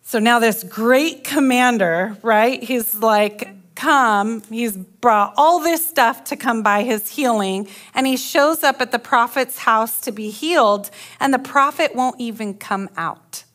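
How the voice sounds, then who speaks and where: A woman pastor preaching a sermon, reading scripture and retelling it in an animated storytelling way while asking listeners to agree. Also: a little high, slow, hardly any pauses.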